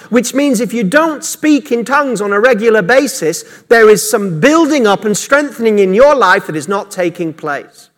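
Male pastor preaching emphatically; high voice, church hall with long reverb. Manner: emphatic preaching, repeats words, shifts loudness often. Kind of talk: sermon.

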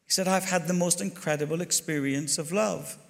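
An Irish man telling a story during his sermon as a pastor, chatty and animated, talking straight to the congregation. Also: on the high side, a little fast, creaky. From Ireland. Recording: long hall reverb.

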